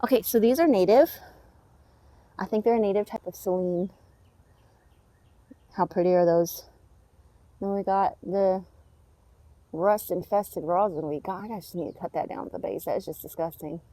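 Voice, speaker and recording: A woman's voice: medium pitch, normal speed, long pauses, warm tone, dry recording. A woman gives a casual walk-through of her backyard garden, chatting and muttering at her plants as she goes. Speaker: gardening vlogger.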